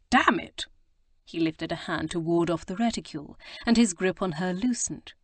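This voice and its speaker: Low-voiced woman narrating a romance audiobook. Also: no room sound. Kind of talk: scripted narration.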